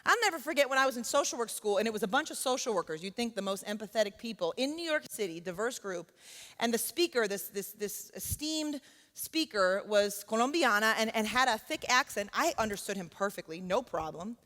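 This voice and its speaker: A woman's voice: fairly high pitch, lively intonation, a little fast, sharp tone. A woman who teaches college gives an earnest, conversational church talk and keeps checking in with her listeners. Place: church sanctuary. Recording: long church hall reverb.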